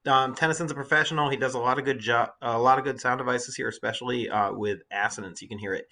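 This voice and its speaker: Bright-voiced male teacher explaining poetry. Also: mid-range voice, fairly even intonation, quick pace, few pauses. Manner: talkative, thinks aloud with fillers and restarts. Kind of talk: classroom lecture with poem reading.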